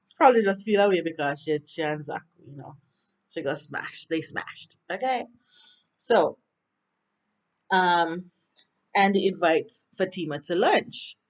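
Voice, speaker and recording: A woman with a Jamaican accent chatting through a TV episode recap, rambling with lots of fillers. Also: low-pitched. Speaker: TV recap vlogger.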